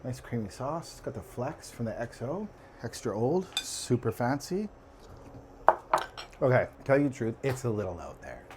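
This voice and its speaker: A man hosting a casual cooking show, who tosses jokes into his running commentary. His voice sits in an ordinary middle register. Steady background noise sits under the recording. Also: medium pitch, measured pace, long pauses. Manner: playful, jokey, riffing. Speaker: host and cook.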